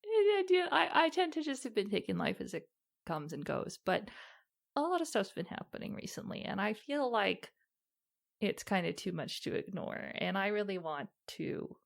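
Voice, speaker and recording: A woman's voice: mid-range voice, big pitch swings, normal speed, gravelly. A woman playing a tabletop game, talking in character in a hesitant, rambling way. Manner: hesitant and rambling, many fillers. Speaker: player. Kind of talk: casual in-character tabletop play.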